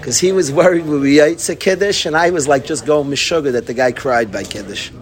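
A man teaching an informal Talmud class, telling stories with lively energy and peppering his talk with yeshiva terms. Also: mid-range voice, brisk. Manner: animated storytelling, breaks into laughter and acts out his study partner; sprinkles Yiddish and Hebrew yeshiva terms.

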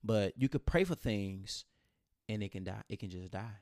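A man with a low, gravelly voice tells a personal story in an easy, conversational way. He, repeats his phrases for emphasis, and acts out the voices of other people. The sound is dry and close. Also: moderate pace, no room sound. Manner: animated retelling, quoting others, repeating phrases. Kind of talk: casual chat.

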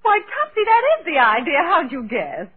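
A woman's voice: sits high, very animated, moderate pace. An actress playing a playful, mischievous female ghost who teases and coaxes in a breezy way, in 1940s radio comedy style. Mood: teasing. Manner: teasing, coaxing, breezy. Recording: tinny old radio broadcast.

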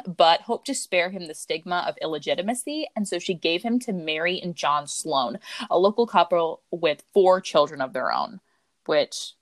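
An American woman hosting a casual podcast, chatty, with lots of fillers and quick jokes. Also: lowish voice, dry recording. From United States. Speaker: podcast host. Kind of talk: casual true-crime chat.

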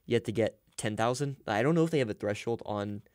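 A young man co-hosting a sports podcast in a loose, chatty way, laughing easily and leaning on fillers. His voice sits a little low, and the recording is dry and close. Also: fast talker, darkish tone, no echo. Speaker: podcast co-host. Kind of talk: casual sports podcast chat.

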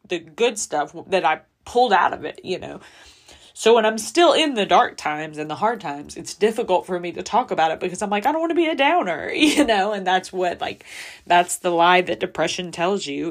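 A woman's voice: fairly low pitch, moderate pace. A woman talks openly on her podcast, candid and emotional. She sounds close to tears as she goes, in an unscripted confessional way. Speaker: podcast host. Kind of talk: personal confessional podcast talk.

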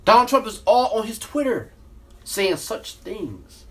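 A woman's voice: mid-range voice, animated, unhurried. A woman hosting a podcast, ranting about politics in a heated, repetitive, preachy way, full of rhetorical questions. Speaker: podcast host. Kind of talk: ranting political commentary monologue.

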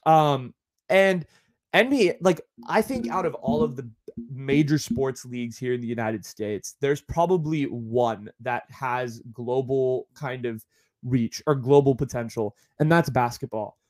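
A man's voice: medium pitch, a little slow, darkish tone. A man hosting a podcast in a casual, rambling monologue full of fillers and asides. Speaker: podcast host.

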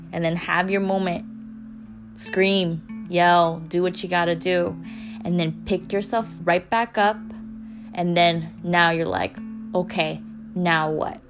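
A young woman hosting a podcast, giving a candid, casual motivational talk that swears freely and repeats phrases for emphasis. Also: on the low side. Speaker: podcast host. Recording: music playing underneath.

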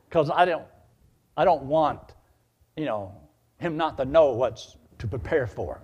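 A man's voice: fairly high pitch, a little slow, pauses often, slightly rough, muffled recording. A male preacher telling a personal story in a sermon, acting out the dialogue as he goes. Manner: animated, acts out dialogue.

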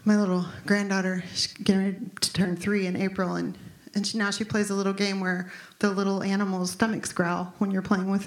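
A woman in her fifties preaching a conversational, emphatic sermon as pastor. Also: medium pitch. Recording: echoey room.

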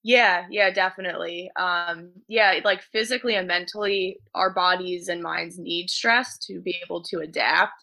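A woman's voice: fairly low pitch, fairly even intonation, normal speed, vocal fry, hardly any pauses, sharp tone, rough recording. A woman strength coach talking casually as a podcast guest, with many "like" fillers.

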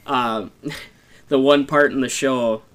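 A man's voice: medium pitch, steady tone, takes it slowly, a bit bright, smooth. A man co-hosting a podcast, rambling in casual chat and laughing often. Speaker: podcast co-host. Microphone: podcast mic.

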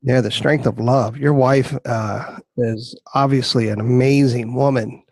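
A man's voice: medium pitch, fairly even intonation, a little slow, a little mellow, no echo. Man interviewer in a dry room. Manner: brief affirming responses, follow-up questions. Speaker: host. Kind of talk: interview conversation.

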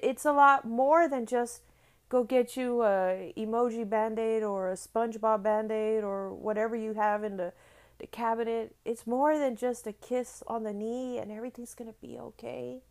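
A middle-aged woman giving an earnest motivational talk. She repeats phrases for emphasis and often checks in with "right?". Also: fairly high pitch. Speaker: motivational speaker.

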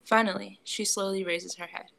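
Woman with a gravelly storytelling voice. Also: medium pitch, steady tone, moderate pace, fairly bright tone. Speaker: narrator. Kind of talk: fan fiction audiobook reading.

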